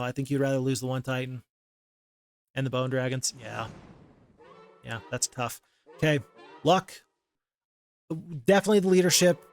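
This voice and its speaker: Man musing aloud over a strategy game. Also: a little high. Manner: thinks aloud, self-critical, counting under his breath. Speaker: gaming channel host. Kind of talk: casual gameplay commentary.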